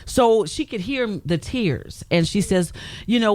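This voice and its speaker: In a radio studio, a woman appearing as a talk-show guest gives emphatic personal testimony, acting out the quotes she recounts. Her mid-range voice is expressive and a little mellow, at a measured pace.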